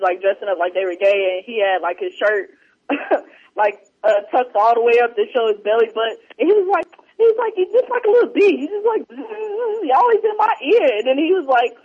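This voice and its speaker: A man chatting casually and retelling movie scenes in a rambling, animated way. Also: sits high. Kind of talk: casual chat. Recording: muffled lo-fi audio.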